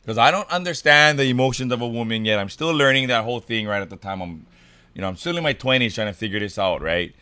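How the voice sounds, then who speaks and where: A man from Hawaii, co-hosting a podcast and telling stories in an animated, laughing way, full of slang like dude and bro. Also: mid-range voice, fast talker, clean tone, no room sound. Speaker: podcast co-host. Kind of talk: casual storytelling chat.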